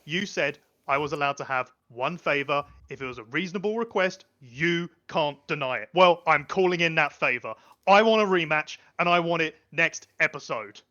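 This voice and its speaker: A man's voice: fairly high pitch, moderate pace, hardly any pauses, pushed and bright, dull audio. A man voicing an angry brutish male fighter who is blunt and barks demands. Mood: demanding.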